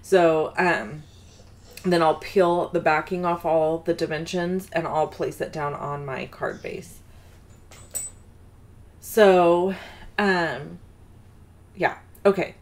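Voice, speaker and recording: A woman's voice: low-pitched, fairly even intonation, slow, pauses often. A woman hosting a card-making video, chatting casually and rambling into a personal story with self-deprecating asides. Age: adult mother of a daughter.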